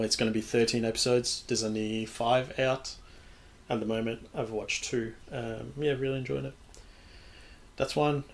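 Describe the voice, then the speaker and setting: A young man hosting a podcast, chatting casually, rambling loosely and swearing freely. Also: medium pitch. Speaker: podcast host. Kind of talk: casual chat.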